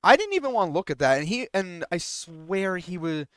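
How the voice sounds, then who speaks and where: A man's voice: high voice, big pitch swings, moderate pace, fairly bright tone, clean tone, no echo, clean studio sound. A young man streamer telling a rambling story with many restarts and fillers, sometimes indignant, in casual talk while gaming.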